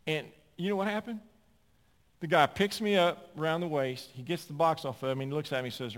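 A man in his sixties preaching a sermon, telling stories and swinging from loud, emphatic points to quiet asides. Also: a little high, a little fast, long pauses. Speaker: pastor. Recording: long hall reverb.

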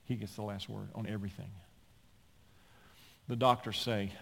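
A man pastor preaching a sermon in an emphatic storytelling manner with quick asides, in a large church sanctuary. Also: fairly low pitch, steady tone, creaky, a bit bright. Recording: long hall reverb.

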